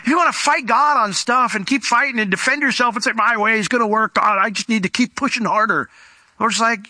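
A male pastor preaching a sermon, animated and emphatic, acting out exchanges with God before closing in prayer. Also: high-pitched, fairly quick, no echo.

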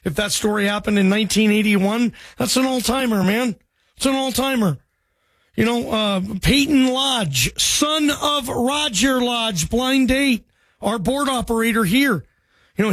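A man with a notably high voice hosts a sports radio call-in show, chatting with callers in a friendly, easygoing way. The sound is close and dry, like a studio booth. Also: fairly bright tone, dry recording.

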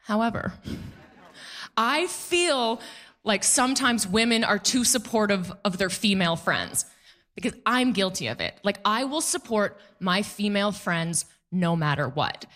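A woman's voice: medium pitch, very animated, a little slow, fairly bright tone. A woman in her thirties doing a stand-up comedy set, sarcastic, punchy and self-mocking.

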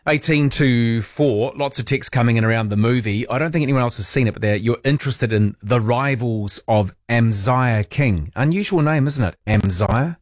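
A man's voice: medium pitch, normal speed, few pauses, dry recording, studio quality. A man with a New Zealand accent hosting late-night talkback radio, chatty and rambling as he searches for words. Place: radio studio.

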